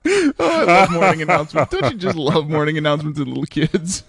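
A man's voice: on the high side, animated, gravelly. Chatty laughing male podcast host. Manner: chatty, laughs often, quick bursts. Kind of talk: casual chat.

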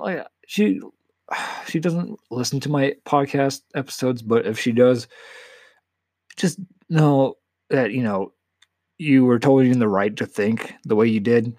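A man's voice: medium pitch, darkish tone, dry recording. An eighteen-year-old man hosting a casual solo podcast, talking candidly and emotionally in a rambling way with frequent swearing. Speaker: podcast host.

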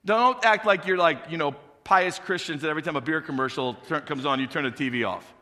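A man's voice: fairly high pitch, fairly quick, sharp tone, big-room sound. A male pastor preaching a fervent sermon in a church auditorium, asking the congregation questions. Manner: preaching with rising fervor and call-and-response questions.

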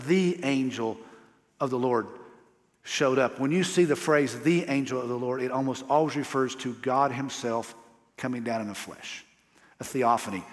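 A man pastor preaching a sermon in a casual, emphatic way with slangy asides. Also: medium pitch. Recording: long hall reverb.

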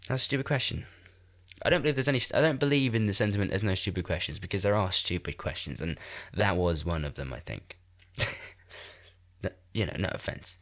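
A man's voice: sits low, brisk, a bit bright. Congested young man, rambling. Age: 20s. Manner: rambling, self-deprecating, laughs often. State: congested, nasal from a cold. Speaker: podcast host. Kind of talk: casual chat. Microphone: new podcast microphone.

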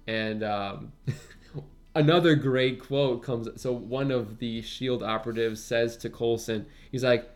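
A man recaps a film on a podcast with lively energy. He slips into quoted lines and laughs often as he goes. His pitch sits in the middle, with faint music under the talk. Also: slow. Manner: animated retelling, laughs often, acts out quotes. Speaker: podcast co-host. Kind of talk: casual movie recap chat.

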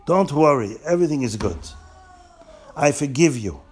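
A man voicing a kindly man who forgives his friend warmly. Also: fairly high pitch, lively intonation, normal speed, a little hiss or hum, lightly acted. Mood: forgiving. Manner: warm, forgiving.

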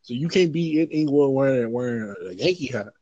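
A man from the Los Angeles area talks in loose, rambling casual chat, full of fillers. His voice sits at an ordinary male pitch and sounds dry and close to the mic. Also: expressive, a little fast, dark tone, no room sound, dull audio. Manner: rambling, many fillers, laughs off his points.

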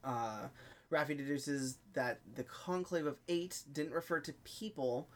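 A man's voice: fairly high pitch, measured pace. A man co-hosting a podcast in casual chat, recapping a TV episode's plot step by step with frequent filler sounds. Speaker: podcast co-host.

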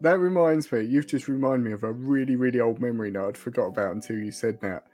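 Brief: Essex man, relaxed podcast co-host, jokey, mid-pitched voice, faint music underneath. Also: fast talker. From Essex, England. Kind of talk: casual chat.

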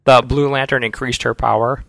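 A man's voice: mid-range voice, flat delivery, fairly quick, gravelly, fairly bright tone, dry recording. A man co-hosting a casual podcast chat, an enthusiastic fan who breaks into playful sound effects. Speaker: podcast co-host.

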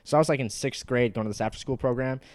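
A young man telling a story in a loose, rambling way, stopping for fillers and restarts. His pitch sits mid-range for a man, and the close mic sounds dry. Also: fast, darkish tone, dry recording. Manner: rambling, with many fillers and restarts, laughing between lines. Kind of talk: casual chat.

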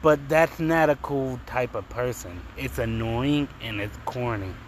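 A man's voice: medium pitch, measured pace, slight background noise, rough recording. A man hosting a podcast in a casual, comedic solo monologue, swearing freely and rambling with lots of fillers. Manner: profane, rambling, frequent fillers. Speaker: podcast host.

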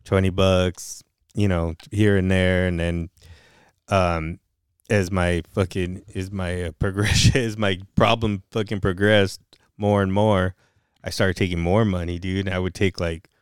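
A man's voice: low-pitched, little pitch movement, measured pace, smooth, no echo, studio quality. A man co-hosting a casual chat, telling a confessional story with lots of swearing.

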